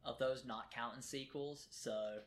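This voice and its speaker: A man in a casual podcast chat with a mid-range voice. He teases his co-host in a playful way and gets excited and animated when the talk turns to anime. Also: medium pitch, a little slow.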